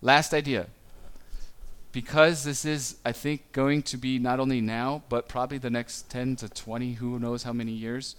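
A man giving a sermon on parenting in a relaxed, conversational way, stumbling a little and briefly acting out quotes from parents and children. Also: mid-range voice, clear, resonant tone. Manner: conversational, with small stumbles and quick acted-out quotes. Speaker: pastor.

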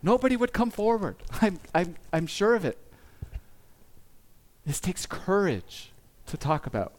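A man's voice: high voice, sing-song. Earnest man preaching a sermon. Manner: earnest, confessional, with pauses and restarts. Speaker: pastor.

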